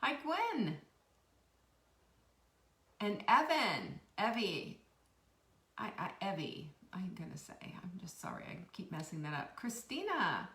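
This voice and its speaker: Chatty woman, bright and lively. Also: medium pitch, takes it slowly, pauses often, distant mic. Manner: chatty, greets viewers by name. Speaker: host. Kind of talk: live-stream chat. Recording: echoey room.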